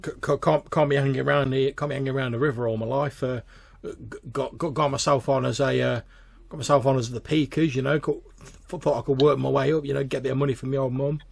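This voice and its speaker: A man's voice: mid-range voice, fairly even intonation, quick pace, creaky, breathy edge, dry recording, voice pushed up. A man voicing a nervous young former fisher now working as a guard, who stammers and hesitates.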